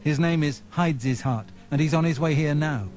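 A man's voice: on the high side, moderate pace, a little mellow, soft background music, close to an everyday voice. An actor playing a nervous, fussy male nobleman in a video game, flustered and apologetic, with an overdone foreign lilt.

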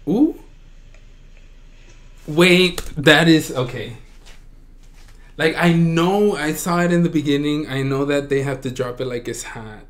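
A man hosting a reaction video, gushing with excitement and often breaking into shrieks and squeals. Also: fairly high pitch, unhurried. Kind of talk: excited fan reaction commentary.

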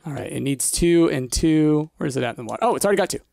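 A man's voice: on the high side, fast, vocal fry, no echo. A man casually chatting and joking while streaming a cozy game with a friend, laughing often. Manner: animated, laughs often, jokey. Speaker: let's play streamer. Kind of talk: casual co-op gaming chat.

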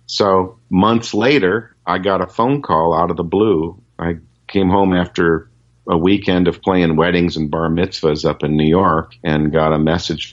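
Deep-voiced man telling rambling stories. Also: muffled recording. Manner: rambling anecdotal, many fillers and restarts. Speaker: session guitarist guest. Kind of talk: casual storytelling interview.

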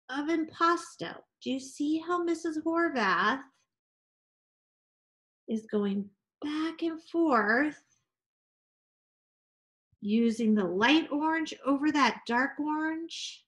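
Slow, high-voiced woman art teacher. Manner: gentle, encouraging, sing-song with children. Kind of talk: children's art lesson, demonstrating.

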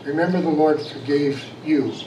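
A man preaching a storytelling sermon, moving from animated anecdote to soft reflection. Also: on the high side, normal speed, noisy background. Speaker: pastor. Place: church sanctuary. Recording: echoey church room, voice from far off.

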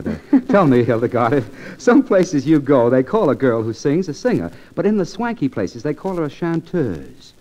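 A man's voice: medium pitch, very animated, moderate pace, few pauses, dark tone. A man hosting a 1940s radio show, with a florid, showy announcer delivery in comedy banter. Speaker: radio host. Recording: dull old radio transcription.

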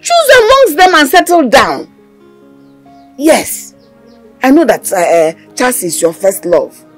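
An actress playing a middle-aged Nigerian mother in a film drama, coaxing and chiding her daughter in a husky voice, mixing in Igbo phrases. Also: high voice, sing-song, measured pace, faint music behind, exaggerated voice.

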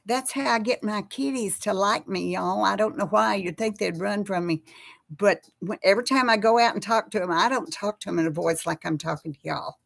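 A woman's voice: medium pitch, fairly quick, creaky, fairly bright tone. A woman hosting a casual live chat, talking with viewers and reading out their names. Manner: chatty, reads out viewer names.

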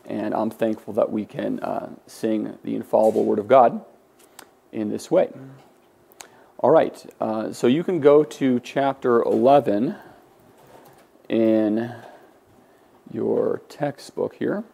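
A man's voice: fairly low pitch, fairly even intonation, takes it slowly, gravelly, pauses often, mellow, breathy edge. A man teaching a Greek class, lecturing in a conversational way with many fillers and restarts. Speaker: Greek instructor.

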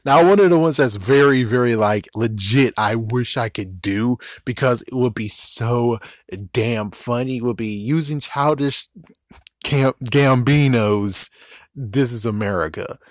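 A man's voice: mid-range voice, no echo, clean studio sound. A man rambling casually to his vlog audience, swearing, laughing often and acting out scenes he imagines. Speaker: vlogger.

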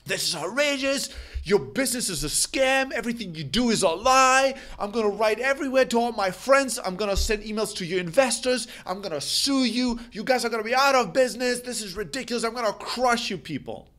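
A man voicing a furious male customer who shouts threats in a raised, strained voice. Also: extremely high pitch, lively intonation, a little fast, voice pushed up.

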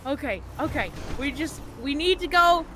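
A woman role-playing a frantic caretaker, pleading and shouting to stop an old man. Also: sits high, expressive, brisk, over a noisy crowd. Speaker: roleplayer. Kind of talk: game role-play.

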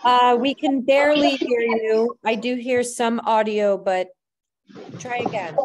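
Slow-spoken woman chairing a meeting. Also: on the high side, steady tone, a little hiss or hum. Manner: polite, brief procedural remarks. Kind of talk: running a public meeting.

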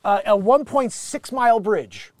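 A man hosting a comedy news show, riffing and rambling with jokey asides between loud bursts and mutters. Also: high-pitched, animated, measured pace, no room sound.

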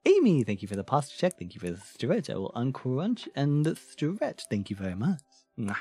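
A man's voice: mid-range voice, huge pitch swings, moderate pace, mellow, husky. A man streaming in a casual chat, thanking followers, rambling through fillers and restarts, and laughing often. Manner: rambling, with frequent fillers and self-restarts, giggly.

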